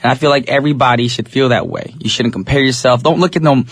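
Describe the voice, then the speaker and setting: A man's voice: mid-range voice, quick pace, dry recording. Easygoing radio DJ man, dry studio sound. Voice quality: a little raspy today. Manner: easygoing, chatty, addresses listeners directly. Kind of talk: English-language radio DJ chat.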